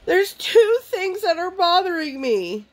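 Mom doing a high, weepy toddler girl, distraught and whiny, for a storytime bit. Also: sing-song, measured pace, exaggerated voice. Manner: high, plaintive childlike whine.

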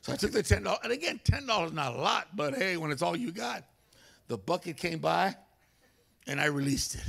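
A man preaching a humorous storytelling sermon in a church, animated and comic, acting out voices. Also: high-pitched, fairly quick, creaky, slightly rough. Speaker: guest preacher. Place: church sanctuary.

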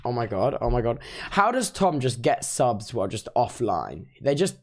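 A sleep-deprived man gives casual livestream commentary in a mid-range, sing-song voice at normal speed. Reviewing unban requests, he reacts playfully and teases his chat.

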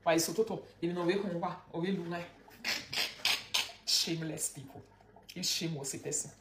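A woman's voice: lowish voice, steady tone, a little fast, reverberant, very noisy. A Nigerian woman giving gossipy, scolding commentary that mocks and lectures the viewer.

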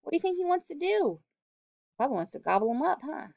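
A woman teacher reads a storybook aloud, her voice swooping up and down with lively expression. She keeps pausing to ask her young listeners questions. The sound is dull and dry, as if recorded close with a plain mic. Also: high voice, vocal fry, dry recording.

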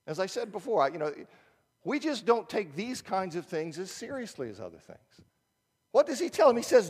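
A man preaching in a church, his voice pitched high for a man and leaping up and down as he talks. He speaks conversationally, often stopping himself and firing rhetorical questions at the congregation. A long reverb hangs on his words. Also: brisk, breathy edge. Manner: conversational, animated, self-interrupting with rhetorical questions. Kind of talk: sermon. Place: church sanctuary.

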